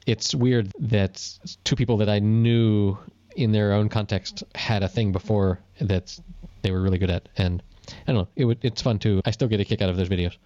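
A man co-hosting a podcast, telling stories in casual chat and jumping up in pitch when he quotes people. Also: normal speed, dry recording, dull audio. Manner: animated storyteller, jumps up in pitch for quoted voices. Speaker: podcast co-host.

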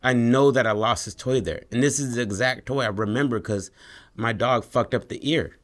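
A man's voice: mid-range voice, moderate pace, lightly acted. A man voicing a curious, laid-back husband who talks in casual, swearing slang, as he retells a story. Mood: restless.

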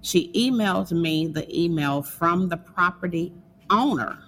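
A woman's voice: lowish voice, expressive, measured pace, a bit bright. A middle-aged woman, a business owner, telling a heartfelt faith story as a guest in an interview, acting out the voices she quotes.

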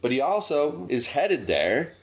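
His voice sits on the high side and keeps a measured pace as he hosts a podcast. Chatting casually, he launches into animated rants, jumping up in pitch when indignant.

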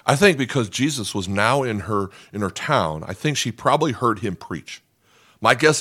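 Low-voiced man preaching a sermon. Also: fairly bright tone. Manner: conversational preaching with rhetorical questions and quoted voices. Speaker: pastor.

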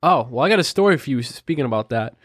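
A man's voice: mid-range voice, fast talker, dry recording, studio quality. A young man in casual podcast chat, telling a story with energy and checking in with "right?" and "dude" as he goes. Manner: animated storyteller, says "right?" and "dude" often. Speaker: podcast co-host.

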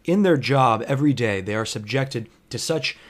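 A man, a bartender, telling a long personal story from work. He swears freely, wanders off into digressions and pauses to reflect on how he acted. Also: mid-range voice. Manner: digressive, profane, self-reflective.

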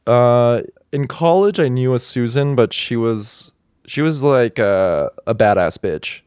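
Man, podcast co-host, casual chat, laid-back, laughs often, medium pitch, dry close mic. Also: lively intonation, takes it slowly, darkish tone, smooth, no echo.

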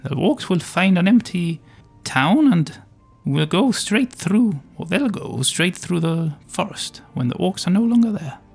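Guy doing a pompy adventurer voice in a tabletop game, kinda high and swingy, gravelly. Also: big pitch swings, measured pace, few pauses, faint music behind. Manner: theatrical, pompous adventurer bluster. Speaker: player voicing his character Shrew. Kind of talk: in-character tabletop role-play.

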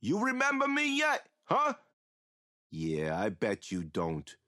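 An actor playing a rambling, mocking killer who taunts a captive priest in an audio drama. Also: male voice, on the high side, wildly swooping pitch, slow, sharp tone, dry recording, clean studio sound, exaggerated voice. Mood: taunting.

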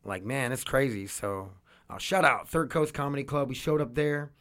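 A man's voice: medium pitch, lively intonation, moderate pace, a bit bright. A man talking casually at home in a rambling way, swearing freely, with a washer running nearby. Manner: rambling, swears freely, repeats words and restarts. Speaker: vlogger. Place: home room with laundry machine running.

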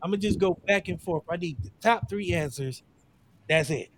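A man hosting a casual podcast game, talking in an animated, joking and defensive way with plenty of swearing. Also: high-pitched, normal speed, slight background noise. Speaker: game show host.

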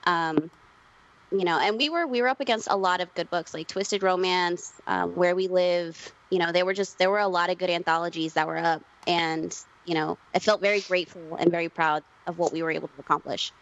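A woman tells a story in an easy, casual way and slips into a higher voice whenever she quotes her mother. The recording sounds dull and lo-fi, as if it was passed through a cheap channel. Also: fairly even intonation, fairly quick, fairly bright tone. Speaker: comics writer, guest.

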